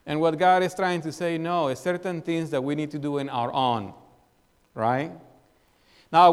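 A man's voice: a little high, smooth. A male pastor preaching a sermon, telling a personal story and asking the congregation questions with a repeated "right?". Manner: asks the congregation questions and tags lines with "right?"; tells a personal story as an illustration. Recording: long reverb of a hall.

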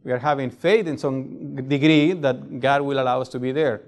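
A middle-aged pastor with a non-native English accent preaches a sermon conversationally, often checking in with "right?". His mid-range voice holds a steady tone at a moderate pace.

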